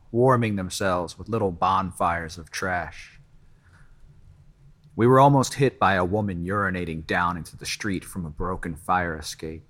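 Male narrator, lowish voice, measured first-person story reading. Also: fairly bright tone.

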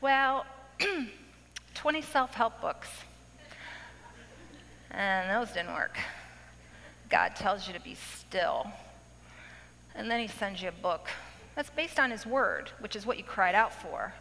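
A woman giving a testimony talk to a women's audience, dramatic and laughing often, acting out her past self in sudden high outbursts. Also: animated, slow pace, gravelly, long pauses, pushed and bright. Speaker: speaker addressing a women's audience. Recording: echoey hall with faint noise.

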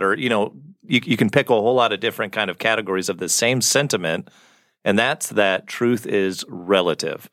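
A man hosting a casual faith discussion, speaking in a measured way and asking questions. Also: fairly low pitch, fairly bright tone, no echo, clean studio sound. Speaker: podcast host.

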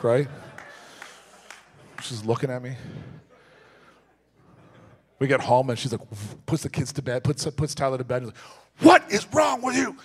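A man preaching a sermon, telling a personal story with swings from hushed asides to shouted, fervent peaks. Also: medium pitch.

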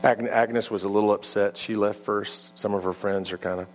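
A male preacher telling a story in a sermon, with halting starts and repeated words, often dropping low and quiet. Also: fairly even intonation, soft background music.

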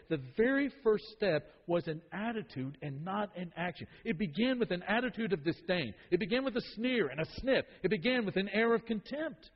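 A man preaching a sermon, emphatic and repetitive, swinging from loud declarations to hushed asides. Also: sits high. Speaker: pastor. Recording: dull sound with long reverb in a hall.

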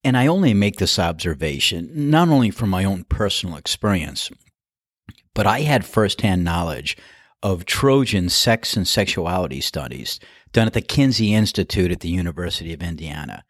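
A man with a very low voice hosts a relaxed interview, speaking in measured sentences and asking short follow-up questions. The recording is dry and close, with no room around it. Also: dry recording. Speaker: podcast host. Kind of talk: casual interview chat.

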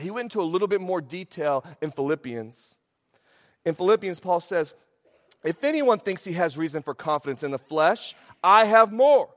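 A man preaching a sermon as a pastor, animated, swinging between loud emphasis and quiet asides, in a church sanctuary. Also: high-pitched. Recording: long hall reverb.

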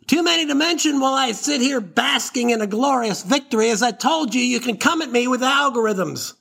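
A man with a notably high-pitched voice hosts his own comedy podcast alone. He talks in a swaggering, mock-indignant way, swearing freely and puffing himself up as he rants. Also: animated, brisk, gravelly, bright, forceful tone, husky. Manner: mock-indignant, profane, boastful. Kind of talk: solo comedy podcast rant.

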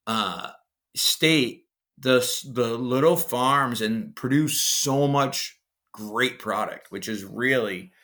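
A man from Massachusetts with a Massachusetts accent, a chef being interviewed, telling stories with animated enthusiasm. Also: medium pitch, slow pace. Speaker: executive chef, guest. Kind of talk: casual interview chat.

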